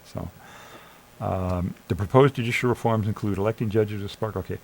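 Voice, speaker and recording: A man's voice: on the low side, normal speed, creaky, husky, rough recording. A man streaming live, reading chatbot answers aloud and arguing back with sarcasm, urging listeners to think. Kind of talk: casual commentary reading AI chat aloud.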